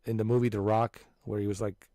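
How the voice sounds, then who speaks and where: A man in his forties chatting casually as a channel host, animated and emphatic, restarting his sentences often. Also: fairly low pitch, fairly quick, dry recording, clean studio sound. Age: 40s. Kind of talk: casual chat.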